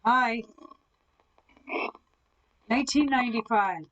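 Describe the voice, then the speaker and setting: A woman hosting a live ghost hunting session, calmly asking the spirits questions from indoors at someone else's home. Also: on the high side, slow pace, highs cut off. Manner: calm, coaxing questions to spirits. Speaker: ghost hunter host.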